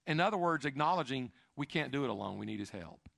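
A male pastor preaching a sermon, building repeated questions to loud emphatic peaks, then dropping to a quiet, confessional low voice. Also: expressive, fast talker, vocal fry, no echo, clean studio sound. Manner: repetitive, building lists of questions.

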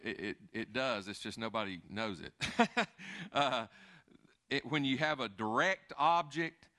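Lively preacher, bright voice. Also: male voice, medium pitch. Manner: conversational, animated preaching with asides and restarts. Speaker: pastor. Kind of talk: sermon.

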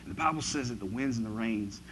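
A man preaching a sermon who moves from quiet, reflective passages to loud, emphatic ones. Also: medium pitch, fast talker, slight background noise, poor audio.

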